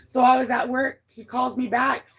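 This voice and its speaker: Gravelly-voiced woman telling a story on a livestream. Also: little pitch movement, moderate pace. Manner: rambling, blunt, swears freely, many restarts; emotional, voice climbs high when moved. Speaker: livestreamer reading her chat.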